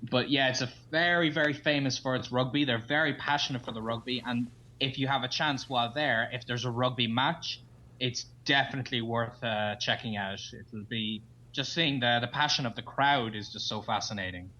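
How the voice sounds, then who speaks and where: Bright-voiced Irish man, chatty guest. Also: medium pitch, steady tone, normal speed, a little hiss or hum. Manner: chatty, storytelling, enthusiastic. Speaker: podcast guest. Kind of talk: casual interview chat. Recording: dull lo-fi sound.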